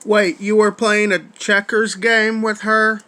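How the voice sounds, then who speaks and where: A man replying to another video, speaking in a measured, lecturing tone with stiff phrasing. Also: high voice, level tone, pushed and bright. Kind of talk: calm commentary.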